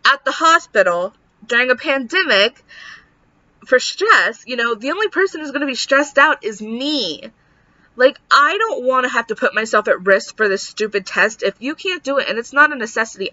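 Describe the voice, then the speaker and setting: A woman's voice: a little high, sharp tone, no room sound, lo-fi sound. A woman in her thirties venting in a casual vlog, talking in frustrated runs full of "like". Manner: frustrated ranting, lots of "like". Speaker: vlogger.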